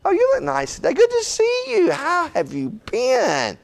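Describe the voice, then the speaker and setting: A preacher doing a sweet falsetto queen. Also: huge pitch swings, normal speed, gravelly, heavily acted. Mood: sweet-talking. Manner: high coaxing falsetto.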